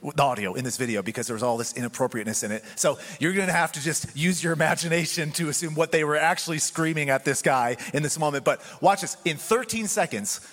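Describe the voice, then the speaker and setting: Pastor, male, slightly high voice, animated conversational sermon, long hall reverb. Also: fast talker, hardly any pauses.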